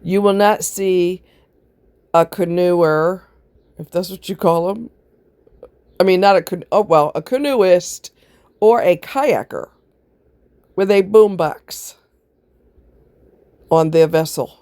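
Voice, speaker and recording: A woman's voice: on the low side, slow pace, pauses often, mellow, smooth, no room sound. A woman chatting casually to camera, rambling from one aside to the next and often laughing. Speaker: vlogger. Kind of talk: casual chat.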